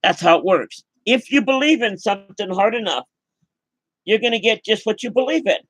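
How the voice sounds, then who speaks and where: A woman's voice: mid-range voice, animated, normal speed, breathy edge, no room sound. An older woman giving an emphatic, preachy motivational monologue to camera, full of rhetorical questions. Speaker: vlogger.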